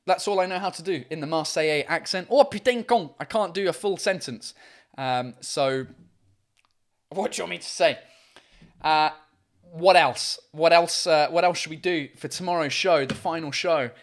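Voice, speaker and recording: A man's voice: fairly high pitch, normal speed. Man, livestream host, casual chat from home, rambling, lots of fillers, swears freely. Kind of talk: casual live chat reading comments.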